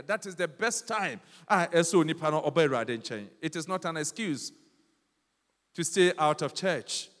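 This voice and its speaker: A Ghanaian man preaching a sermon, switching between Twi and English and rising to loud declarations. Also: a little high. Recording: long hall reverb.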